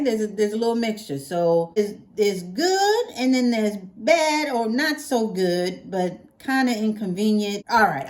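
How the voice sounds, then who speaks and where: A woman vlogger casually telling her viewers a story, acting out phone calls and calling them honey. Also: medium pitch. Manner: chatty, acts out phone calls with quoted voices and sound effects. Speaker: hair care vlogger.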